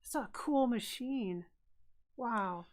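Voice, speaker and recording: A woman from Idaho co-hosts a casual live stream chat, a talkative storyteller who often chimes in over her co-host. Her voice is a little high and a little mellow, and she speaks at a slow pace.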